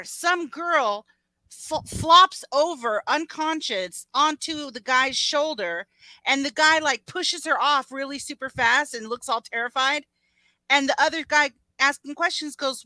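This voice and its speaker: A woman co-hosting a livestream from a home mic, telling a story excitedly and swearing freely. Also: high-pitched, dry recording, poor audio. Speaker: livestream co-host. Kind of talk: casual gossip chat.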